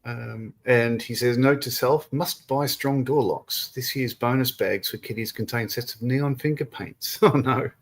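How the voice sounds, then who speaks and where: A man co-hosting a relaxed model-building livestream, reading viewers' comments aloud and laughing often. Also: mid-range voice, unhurried, hardly any pauses. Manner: laughs often, reads chat messages aloud. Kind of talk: casual chat reading out live comments.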